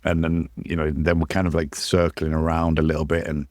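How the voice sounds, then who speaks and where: A man's voice: a bass voice, level tone, fairly quick, darkish tone, dry recording, studio quality. A man hosting a podcast, chatty and easily amused, musing aloud on the topic. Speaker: podcast host. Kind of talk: casual podcast chat.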